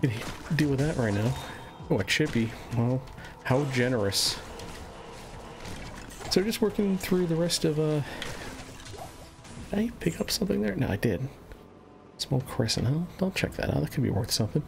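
A man giving relaxed, casual commentary as he plays a game on a live stream, muttering to himself as he goes. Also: a little high, moderate pace, creaky. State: a little out of breath. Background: game music.

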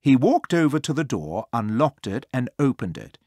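A storybook narrator reading a children's tale aloud in an expressive, sing-song way. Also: medium pitch, normal speed, no echo, clean studio sound.

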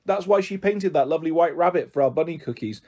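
A man voicing a cheerful, pushy mother who talks warmly and coaxingly in a storybook reading. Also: fairly high pitch, fast, lightly acted.

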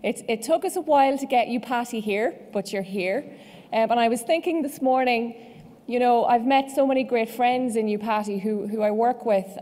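Irish woman, conference host, mellow voice, long hall reverb, chatty with fillers and restarts. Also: fairly high pitch. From Ireland. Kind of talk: welcome speech.

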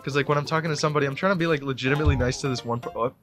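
A young man in his late teens giving rambling let's play commentary into a desk mic, breaking into sudden excited yelps. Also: medium pitch, rapid-fire, faint music behind. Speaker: gamer.

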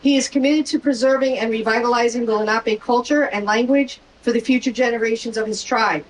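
A woman gives a measured, formal welcome as a park official, reading a prepared introduction. Her voice sits a little high and comes from some distance, with faint noise in the background. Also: fairly even intonation.

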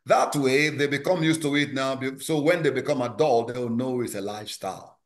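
A man with a Nigerian accent, a pastor preaching emphatically at an online Bible study, moving from low asides to loud high exclamations. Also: normal speed.

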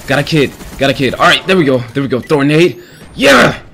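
A man giving gameplay commentary, yelling and cursing in frustration. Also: mid-range voice, a little fast. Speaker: video game commentator.

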